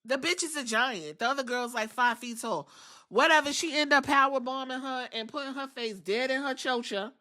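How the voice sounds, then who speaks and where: Woman podcast host, bright and forceful tone, blunt and foul-mouthed, chatty storyteller. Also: high-pitched, moderate pace. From outside the US. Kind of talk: casual recap podcast.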